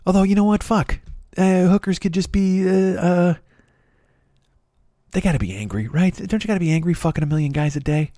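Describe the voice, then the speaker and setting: A man's voice: sits high, brisk, mellow, no room sound, studio quality. A man delivering a crude, rambling comedic monologue as a podcast host, swearing constantly and slipping into songs and voices. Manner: profane, rambling, bursts into singing and put-on voices.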